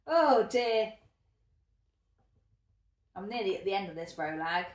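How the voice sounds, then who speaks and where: A woman's voice: mid-range voice, animated, slow. A woman chatting casually in a craft vlog while she works, self-deprecating and thinking aloud. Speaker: hobby spinner vlogger. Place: indoor room at a spinning wheel. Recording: echoey room from a distant mic.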